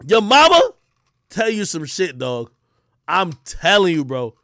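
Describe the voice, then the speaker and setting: A man rants on a livestream in loose, profane slang and circles back over his own lines. His voice sits fairly high and swings up and down a lot. The sound is dry and close. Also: a little slow, dry recording. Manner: animated, profane, slangy, repeats himself. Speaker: streamer. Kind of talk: casual livestream rant.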